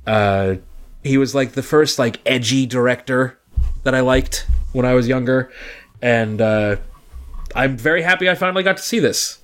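A man's voice: mid-range voice, smooth. Chatty male podcast co-host. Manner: chatty, quick reactive interjections. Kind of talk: casual movie podcast chat.

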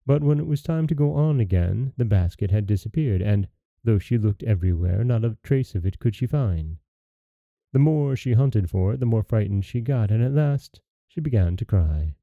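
A man hosting a storytelling podcast, reading a fairy tale aloud in a calm, measured way. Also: medium pitch, no echo, phone-quality sound.

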